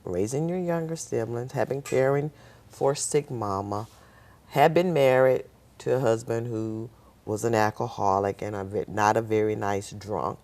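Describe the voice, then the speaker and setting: A woman's voice: a bass voice, normal speed, a little mellow. A woman telling her life story as a guest on a talk show, bringing in the voices of the people in her account. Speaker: nurse. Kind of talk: personal storytelling.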